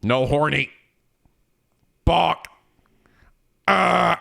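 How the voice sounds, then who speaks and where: A young man streaming, chatting in an animated, profane way and laughing often. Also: fairly high pitch, very slow, gravelly. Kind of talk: casual gaming chat.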